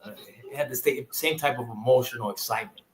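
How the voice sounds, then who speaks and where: A man in his thirties, originally from Hawaii, who talks as a football coach guesting on a podcast. He tells his stories with energy, sliding into the voices of the people he quotes, at a middle pitch. The sound carries a roomy echo. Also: fast. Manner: animated storyteller who acts out quoted people. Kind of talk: storytelling in a casual interview.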